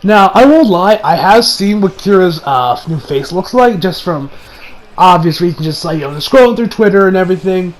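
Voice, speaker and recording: A man's voice: high voice, expressive, normal speed, poor audio. A man giving a casual, rambling video review of an anime, full of fillers, restarts and swearing.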